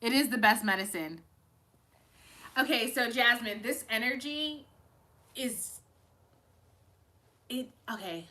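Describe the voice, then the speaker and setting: Bright, chatty woman reading tarot live. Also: fairly high pitch, expressive, slow, pauses often. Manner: chatty and emotional, addresses viewers by name, laughs often. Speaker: tarot reader on a live stream. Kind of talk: casual live-stream chat and tarot reading.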